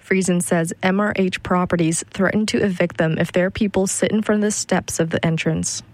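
A woman reports a news story in an even, measured way. Her voice sits fairly low, and the recording is dry and close. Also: no echo.

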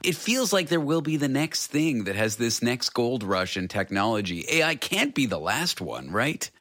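A man's voice: medium pitch, sing-song, normal speed, a bit bright, no echo, studio quality. A man hosting an interview show, asking curious, wry questions. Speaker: podcast host. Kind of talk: conversational interview.

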